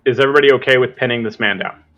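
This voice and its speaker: A man in the game master's seat, talking through the rules as he looks them up, his voice sitting at an ordinary middle pitch. Soft music plays faintly behind him. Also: racing, lo-fi sound. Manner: thinks aloud while checking rules. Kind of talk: running a tabletop game.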